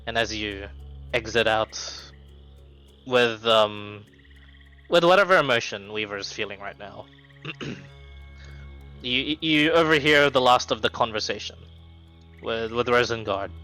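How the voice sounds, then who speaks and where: Brief: male game master, bright tone, rambling streamed tabletop narration, soft background music. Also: on the low side, takes it slowly, long pauses, rough recording. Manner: rambling narration full of ums and restarts.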